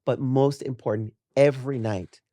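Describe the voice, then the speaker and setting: A man in his late fifties from the West Indies, a guest makeup artist chatting casually, animated and laughing, with drawn-out emphasis on key words. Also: mid-range voice, dry recording. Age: 50s. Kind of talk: casual interview chat.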